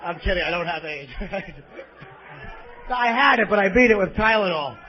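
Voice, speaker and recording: A man's voice: high voice, lively intonation, normal speed, background noise. A man from New Jersey doing a crude, profane stand-up set on stage in a comedy club, ranting abrasively at the audience. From East Coast of the US, New Jersey. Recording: lo-fi live bootleg audio with faint crowd ambience.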